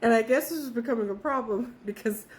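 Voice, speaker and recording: A young woman tells a childhood story in a relaxed, casual way, with a noticeably high voice. She swears freely and breaks into laughter often. The delivery stays chatty and unpolished. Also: fast.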